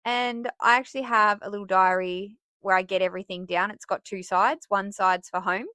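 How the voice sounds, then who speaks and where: A woman's voice: mid-range voice, normal speed, no echo. A woman hosting a podcast for teachers, giving casual advice in a chatty way and laughing at herself. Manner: chatty and self-laughing, with bursts of excitement.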